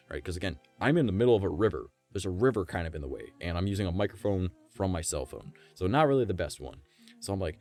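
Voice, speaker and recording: Young guy streaming, kinda low voice, swears a lot, rambles on, little bit of music going. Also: lively intonation, racing, darkish tone. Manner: profane, rambling, conversational. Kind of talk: casual storytelling on a live stream.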